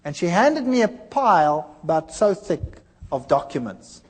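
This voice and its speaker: A middle-aged man gives a testimony from the pulpit, acting out both sides of old arguments. His voice sits high and swings widely in pitch. A long hall reverb trails his words. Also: measured pace, breathy edge. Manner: animated storytelling, acting out quoted dialogue. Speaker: speaker telling his conversion story. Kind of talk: preached personal testimony.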